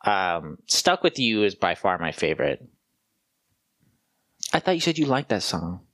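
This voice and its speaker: A man's voice: deep voice, big pitch swings, unhurried, fairly bright tone, dry recording. A man hosting a casual podcast chat about music, rambling with many fillers and humming bits of songs. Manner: rambling, hums and sings song snippets. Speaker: podcast host.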